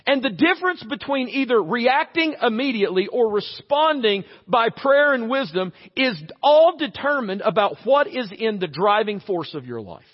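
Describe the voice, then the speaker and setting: A man preaching a conversational, humorous sermon as a pastor, acting out little everyday scenes. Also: very high voice. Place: church sanctuary. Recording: reverberant church hall, slightly dull audio.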